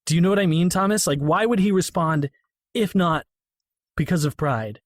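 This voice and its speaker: A man with a fairly high voice talks through a film in a relaxed podcast conversation. He is animated and drops into a lower tone when quoting lines. The sound is close and dry. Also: normal speed, dry recording. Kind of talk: casual film discussion.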